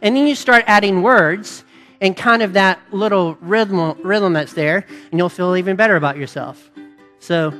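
A woman giving a casual, animated sermon, chatting and asking the audience questions. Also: medium pitch, normal speed, soft background music. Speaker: preacher.

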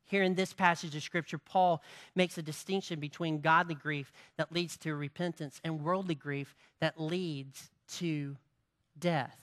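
A pastor delivers a sermon in a bright, ringing voice, pressing points home through repetition and rhetorical questions put to the congregation. The delivery climbs into forceful, emphatic stretches. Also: mid-range voice, fairly even intonation, a little slow. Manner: preaching with rising emphatic passages and repetition.

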